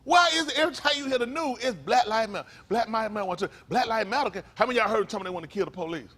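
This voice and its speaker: A male pastor preaching a sermon to his congregation, fiery and slangy, firing rhetorical questions at the room and swinging from low mutters to sudden loud bursts. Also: racing.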